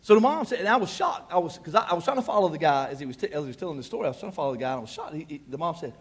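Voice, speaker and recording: A male pastor in his thirties delivers a sermon in a chatty, folksy way, full of self-deprecating asides. His voice sits slightly high for a man and has a husky, raspy grain. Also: big pitch swings, racing. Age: 30s. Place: church.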